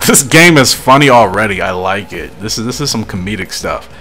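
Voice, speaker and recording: A man's voice: fairly low pitch, expressive, brisk, hardly any pauses, sharp tone, soft background music. Chatty man doing game commentary. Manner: chatty, laughs often, explains as he plays. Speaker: gaming YouTuber. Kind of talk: casual gameplay commentary.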